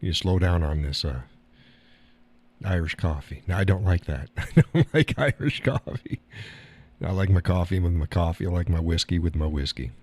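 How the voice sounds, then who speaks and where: A man's voice: low-pitched, a little mellow. A man hosting a live stream, chatting casually and answering his viewers with frequent laughs. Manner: rambling, laughs often, reads and answers chat.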